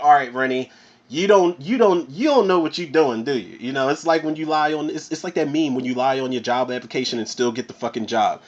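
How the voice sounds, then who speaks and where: A man's voice: fairly high pitch, lo-fi sound. A man reviewing a horror film in a casual, rambling rant, swearing freely as he goes. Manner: profane, rambling, animated. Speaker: movie reviewer.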